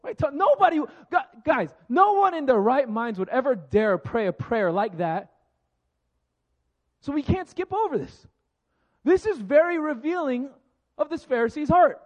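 A man's voice: extremely high pitch, big pitch swings, measured pace, darkish tone, lo-fi sound. A man preaching a conversational sermon, laughing often and acting out the voices he quotes. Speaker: pastor.

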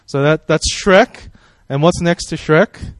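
This pastor's voice sits on the high side and moves slowly, recorded with no room sound. He preaches in a friendly, conversational manner, praying and putting questions to the congregation.

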